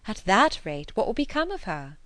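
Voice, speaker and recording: A woman's voice: medium pitch, moderate pace, no room sound. A woman voicing a playful, witty young woman who teases lightly, in an audiobook reading. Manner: teasing, lively.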